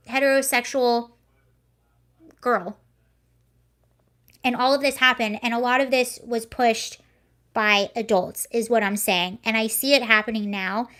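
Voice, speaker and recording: A woman's voice: fairly high pitch, a bit bright. A young woman hosting a casual livestream, talking in a chatty, rambling way and often correcting herself mid-sentence. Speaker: livestream host.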